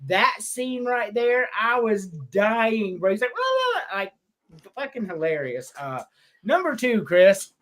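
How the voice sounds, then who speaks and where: A man co-hosting a casual podcast, telling crude, animated stories and laughing often. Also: sits high, slow. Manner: animated, profane storytelling with laughter. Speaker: podcast co-host.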